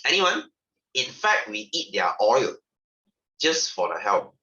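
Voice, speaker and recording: A man's voice: medium pitch, sing-song, takes it slowly, sharp tone, muffled recording. A man giving a chatty science lesson to his class, asking questions and repeating himself. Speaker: science teacher. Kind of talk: classroom lecture.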